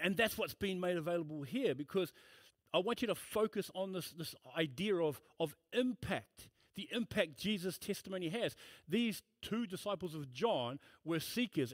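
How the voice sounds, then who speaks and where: A man's voice: high voice, no echo. A man preaching a sermon in a church, emphatic and repetitive, breaking into casual storytelling asides. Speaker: pastor.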